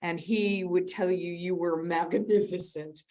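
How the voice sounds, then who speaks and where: A woman's voice: on the low side, steady tone, a little slow, a little mellow. A middle-aged woman giving a conversational, rambling sermon as a guest speaker, laughing often at herself. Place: church sanctuary.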